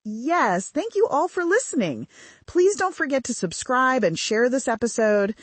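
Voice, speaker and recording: Slow, careful British woman teaching sounds. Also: high-pitched, very animated, no echo. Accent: modern British. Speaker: pronunciation teacher. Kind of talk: scripted language lesson.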